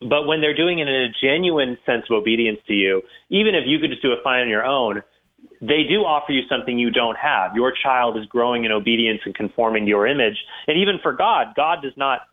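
A man's voice: medium pitch, lively intonation, brisk. A man answering listener questions on a live call-in show, earnest and explanatory, with frequent restarts. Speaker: guest apologist. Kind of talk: casual radio call-in answers. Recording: tinny phone-like line.

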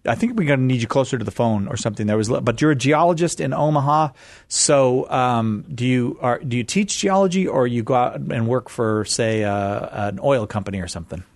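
A man's voice: medium pitch, fairly quick, no room sound. Playful man hosting a radio game show. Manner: jokey, upbeat, puts on a game show host voice.

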